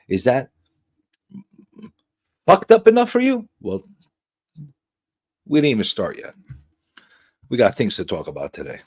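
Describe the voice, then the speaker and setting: Lively joking man hosting a livestream. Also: medium pitch, husky. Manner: animated, joking, swears freely. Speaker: livestream talk show host. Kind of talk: casual livestream chat.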